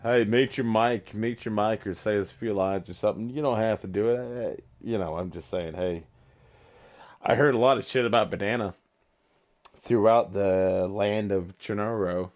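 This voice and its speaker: A man with a low voice hosts a loose podcast chat over a dull, lo-fi line. He is excitable and teasing, and he swears freely. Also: normal speed. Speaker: podcast host. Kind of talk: casual chat.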